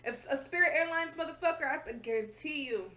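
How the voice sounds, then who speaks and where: In a high-pitched, sharp voice and talking fast, a woman hosts a reaction channel. Her casual commentary comes as blunt, profane, exasperated rants.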